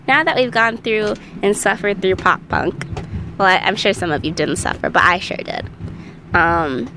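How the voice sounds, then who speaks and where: A woman's voice: medium pitch, fairly bright tone, slight background noise. A young woman hosting a radio show, joking around in sarcastic, casual banter.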